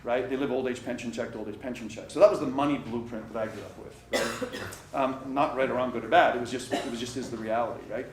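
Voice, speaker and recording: A middle-aged man giving a motivational workshop talk to a live audience, animated and addressing the crowd directly. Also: medium pitch, fast. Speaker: coach and workshop speaker. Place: conference room with live audience. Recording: echoey room, distant mic, faint noise.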